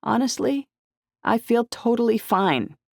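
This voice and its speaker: A woman doing a calm soothing mother. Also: fairly high pitch, unhurried, creaky, no echo, clean studio sound, pitched above the performer's own voice, heavily acted. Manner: calm, placating. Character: soothing middle-aged mother.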